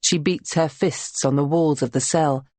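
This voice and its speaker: A woman narrates a novel in a measured, even manner with a notably low voice. The recording is close and dry, with no room sound. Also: no echo. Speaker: audiobook narrator. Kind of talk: scripted narration.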